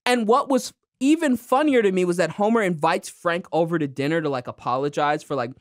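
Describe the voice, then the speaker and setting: A woman's voice: on the low side, fairly quick, no echo, studio quality. A woman co-hosting a podcast, recapping a cartoon episode in casual chat and acting out character lines with put-on voices. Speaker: podcast co-host.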